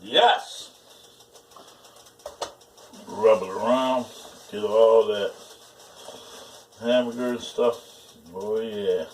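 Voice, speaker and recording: A man's voice: fairly low pitch, fairly even intonation, slow pace, pauses often, a little mellow. A man casually vlogging while he cooks at home, rambling and crude, with plenty of swearing. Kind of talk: casual cooking vlog, talking to viewers. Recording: mic at a distance, faint background noise.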